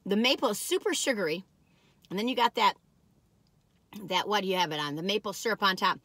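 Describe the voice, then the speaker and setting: Woman vlogger, bright and lively, folksy rambling chat in a dry car interior. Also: medium pitch, fairly quick, no room sound. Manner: folksy and chatty, drifts off topic. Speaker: vlogger reviewing cookies. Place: parked car.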